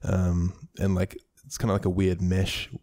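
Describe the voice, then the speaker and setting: A man's voice: deep voice, completely flat delivery, a little slow, mellow. A young man with a light New Zealand accent, a YouTuber guest talking casually and rambling with many fillers. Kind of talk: casual interview chat.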